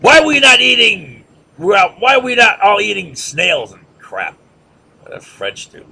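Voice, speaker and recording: A man's voice: high voice, very animated, measured pace, gravelly, pushed and bright, breathy edge. A man giving a rhetorical, sarcastic lecture, firing questions at listeners and mocking chants.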